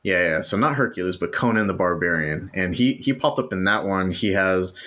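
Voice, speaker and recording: A man's voice: deep voice, a little fast, sharp tone. A man co-hosting a casual podcast about movies, laid-back and slangy, swearing now and then. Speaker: podcast co-host.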